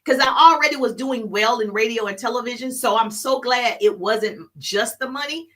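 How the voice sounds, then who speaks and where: A middle-aged woman giving business coaching on a live stream, animated and preachy, repeating key phrases for emphasis. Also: on the high side, normal speed.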